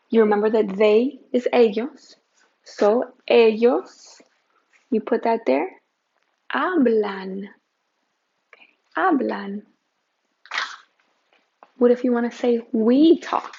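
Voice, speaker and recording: A woman teaching a Spanish grammar lesson, upbeat and patient, repeating examples slowly. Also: a little high, warm tone, husky. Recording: slightly dull lo-fi sound.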